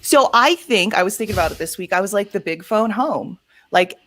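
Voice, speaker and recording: A woman's voice: medium pitch, expressive, brisk, a bit bright, slight background noise. A woman guest in casual chat, chatty and filler-heavy. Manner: chatty, lots of likes and ums.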